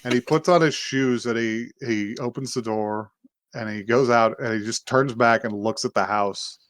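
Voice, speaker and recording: A man casually recounting an episode for his podcast co-host, breaking into quick little impressions of the characters and swearing freely. His voice sits at a middling pitch, and the sound is dry and close with no room around it. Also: dry recording. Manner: animated retelling, acting out characters' lines with laughs and swearing. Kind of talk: casual chat, recapping an anime episode.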